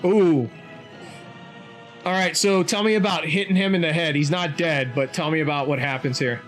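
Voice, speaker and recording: A man narrating a tabletop role-playing game as game master, describing the action slowly and with many fillers. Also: fairly high pitch, fairly even intonation, fairly bright tone, soft background music.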